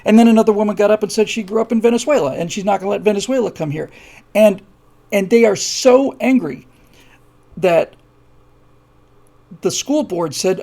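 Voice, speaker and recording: A man hosting a live show, telling a story in a monologue. He repeats words for emphasis and builds from quiet asides to heated stretches. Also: high-pitched, normal speed, vocal fry, pauses often. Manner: many fillers and restarts, repeats words for emphasis. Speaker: show host.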